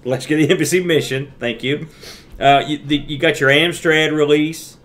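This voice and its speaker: A man co-hosting a retro gaming podcast in casual chat, animated and jokey, acting out his own reactions. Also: on the high side, normal speed. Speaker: podcast co-host.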